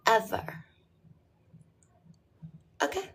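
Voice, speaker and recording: A middle-aged woman speaking tenderly to her viewers like a mother, often sinking to a whisper and then bursting out loud. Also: mid-range voice, animated, takes it slowly, a little hiss or hum. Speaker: host talking to her viewers. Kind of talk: intimate motherly address to viewers.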